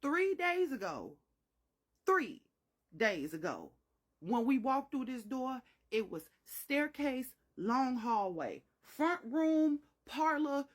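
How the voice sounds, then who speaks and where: Young woman telling a story, super lively voice, dramatic and slangy, bit husky. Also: high-pitched, slow pace. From Chicago. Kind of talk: storytime vlog.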